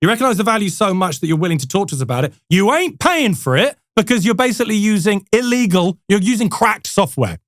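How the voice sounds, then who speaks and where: A man, a sales manager and podcast guest, telling a story in a casual, animated way, acting out quotes between laughs. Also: high-pitched, quick pace, hardly any pauses, no echo, clean studio sound.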